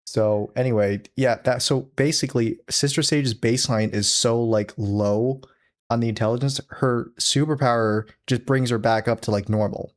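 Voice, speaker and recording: A man co-hosting a casual podcast, holding a mock-serious, deadpan line to needle his co-host. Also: mid-range voice, moderate pace. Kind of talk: casual chat.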